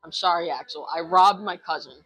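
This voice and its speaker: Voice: medium pitch, steady tone, brisk, pushed and bright, husky, low-quality recording. A young adult rapper speaking candidly as an interview guest, full of "like" fillers. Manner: candid, heavy use of "like" fillers. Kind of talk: casual interview chat.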